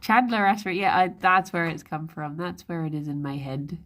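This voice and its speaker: A woman's voice: fairly low pitch, a little fast, a bit bright. A young woman streaming live, chatting casually and rambling, laughing often as she goes. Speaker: livestreamer. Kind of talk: casual chat.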